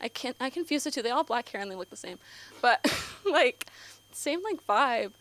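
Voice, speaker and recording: A woman's voice: a little high, expressive, moderate pace, a bit bright. A teenage girl doing a nervous, rambling open mic stand-up set on a comedy club stage, full of fillers and giggles. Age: teens.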